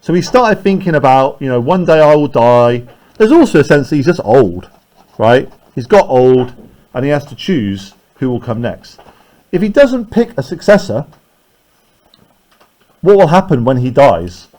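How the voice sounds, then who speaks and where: A male teacher walking a class through a play. He explains each line in an engaged, conversational way, checking in with "right?" again and again. His voice sits at a middle pitch. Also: sing-song, unhurried, darkish tone.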